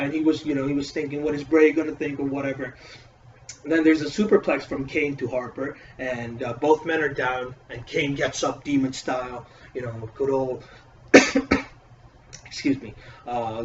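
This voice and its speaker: Male wrestling reviewer, swears freely, excitable and rambling; echoey room, set back from a dull mic. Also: mid-range voice, far from the mic, a little hiss or hum. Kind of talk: casual solo review.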